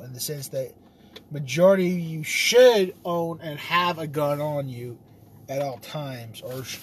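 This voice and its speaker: A man's voice: fairly high pitch, a little hiss or hum. A man talking in a casual, rambling vlog monologue, swearing freely and laughing at himself. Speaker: vlogger.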